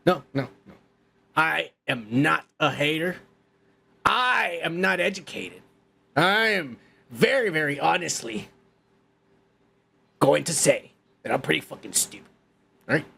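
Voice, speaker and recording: Man, podcast host, gravelly raspy voice, fairly high, angry swearing rant, repeats himself. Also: animated, measured pace, pauses often, bright, forceful tone. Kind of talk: profane ranting commentary.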